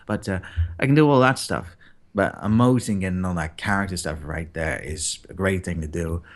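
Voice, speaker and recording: Male guest, low-ish voice, animated casual chat about voice acting. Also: moderate pace. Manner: animated, acts out example lines. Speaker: guest voice actor.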